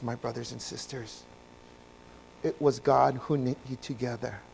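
A man preaching a sermon, moving from quiet, low passages to loud, emphatic ones and asking his listeners questions. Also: vocal fry. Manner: swings from soft and low to loud and emphatic, asks the congregation questions. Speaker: pastor.

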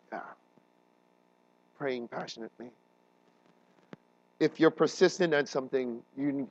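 A man preaching a sermon as a pastor, earnest and emotional, his voice building to loud emphatic peaks. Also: medium pitch, vocal fry, no echo, lo-fi sound. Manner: emotional, voice rising and breaking while retelling a crisis.

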